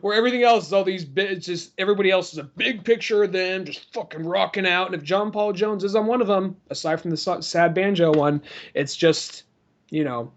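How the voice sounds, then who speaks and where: Man, podcast co-host, higher voice, rambling casual storytelling, dull lo-fi sound. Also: brisk. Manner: rambling, animated storytelling with fillers and laughs. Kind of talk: casual chat.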